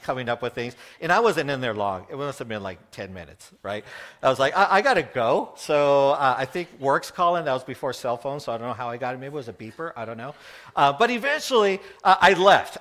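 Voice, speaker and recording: A middle-aged man preaching, telling a personal story in an earnest, emotional way, with laughs and pauses. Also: mid-range voice, fairly bright tone. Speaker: pastor.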